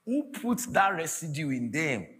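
A man preaching a sermon as a pastor, giving prophetic declarations that swell into shouts about laughing. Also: on the high side, big pitch swings, unhurried, slight background noise. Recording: faint music behind the preaching.

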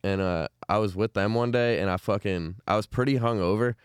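A man's voice: fairly low pitch, fairly quick, clear, resonant tone, no echo, studio quality. A young man telling a story in casual podcast chat, swearing often and laughing through it. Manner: laid-back, swearing, laughs through his stories.

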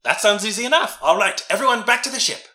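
Man, game player, lively pitch, very bright voice, echoey room. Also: fast. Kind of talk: casual game play.

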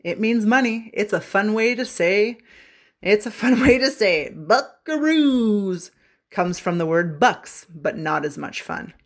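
A woman from Canada teaching English slang on a radio show, with a playful, joking manner and bits of singing. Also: medium pitch. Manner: playful, jokey, bursts into singing. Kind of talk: humorous language lesson on radio.

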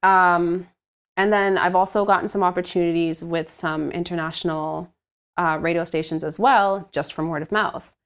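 A woman's voice: fairly low pitch, steady tone, normal speed. A woman voice-over artist, recording from home, chatting animatedly about her work with frequent laughs and fillers. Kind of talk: casual interview chat.

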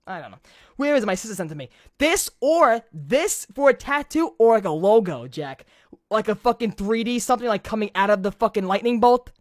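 Animated young man from Brooklyn. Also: sits high, a little fast, no room sound, studio quality. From Brooklyn, New York. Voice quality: animated, swings his voice up and down, swears a lot. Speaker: podcast host. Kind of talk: casual chat.

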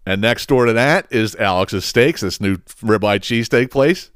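In a casual monologue, a podcast host tells a rambling, profane story and laughs along the way. His voice is lowish and clean at a normal speed, captured in a dry, clean studio recording.

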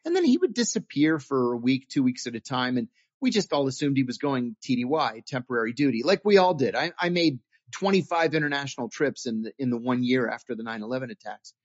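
A former intelligence officer telling stories in an interview, earnest and animated, often restarting his sentences. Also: medium pitch, fairly quick, no room sound. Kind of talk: interview storytelling. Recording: dull dry lo-fi audio.

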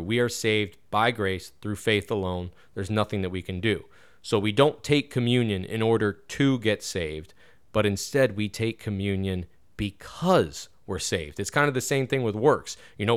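A man who preaches at a Baptist church gives a casual, earnest Bible lesson. He grows louder and higher when stressing a point. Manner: casual and earnest, with frequent "you know" fillers. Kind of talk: conversational Bible teaching.

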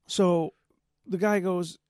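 A man co-hosting a podcast, telling a story in a profane, animated rant. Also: high voice, slow, clean tone, dry recording, studio quality. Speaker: podcast co-host. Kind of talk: casual ranting chat.

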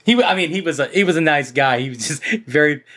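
A man's voice: a little high, quick pace, fairly bright tone. A man in casual chat, chiming in with short questions and remarks. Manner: brief interjections and questions.

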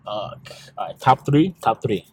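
A man's voice: lowish voice, expressive, a little slow, darkish tone, a little hiss or hum. A young man co-hosting a casual podcast, rambling in slang with lots of fillers and swearing. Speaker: podcast co-host.

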